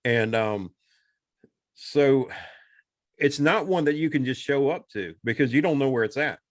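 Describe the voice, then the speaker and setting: Retelling a film in casual podcast chat, this co-host rambles and animatedly acts out quotes from the characters. He has a mid-range voice and a measured pace, in a dry, studio-quality recording.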